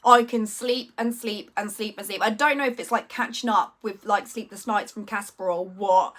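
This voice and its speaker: A woman's voice: mid-range voice, moderate pace. A woman, chatting casually on a live stream and reading out viewers' comments. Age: 40s. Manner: chatty, rambling, warmly reacting to viewers' messages.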